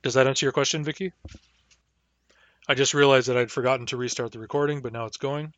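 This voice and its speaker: A man teaching a language class online, sounding out words slowly and carefully, syllable by syllable. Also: mid-range voice, steady tone, fairly bright tone, no echo. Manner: slow, careful, deliberate pronunciation.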